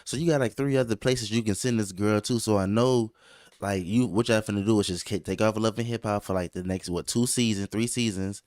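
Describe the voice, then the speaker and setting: A man's voice: on the low side, brisk, a little mellow, no echo, studio quality. A man hosting a casual podcast, talking in a laid-back way and laughing often. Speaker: podcast host.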